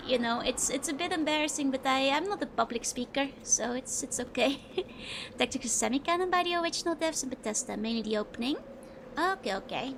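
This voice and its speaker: A young woman from the Netherlands with a clear Dutch accent, streaming a game. Her voice sits high, and she chats loosely with viewers and giggles often between remarks. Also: noisy background. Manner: giggly, chatty, answering chat while playing. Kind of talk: casual game-stream chat.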